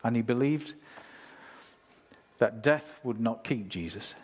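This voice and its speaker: Husky man preaching. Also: mid-range voice, takes it slowly. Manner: conversational preaching, reads scripture, asks listeners. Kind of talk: sermon.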